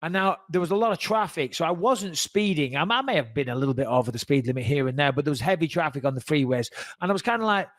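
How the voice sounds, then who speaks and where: A middle-aged man hosting a podcast, telling a story in casual chat, lively and swearing freely. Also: on the high side, fast talker, no echo. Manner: animated, swears freely, acts out voices in anecdotes. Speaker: podcast host.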